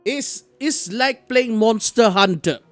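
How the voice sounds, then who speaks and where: A live streamer, chatting casually in an animated storytelling way and often repeating or restarting phrases. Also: medium pitch, takes it slowly, soft background music. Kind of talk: casual chat explaining economics.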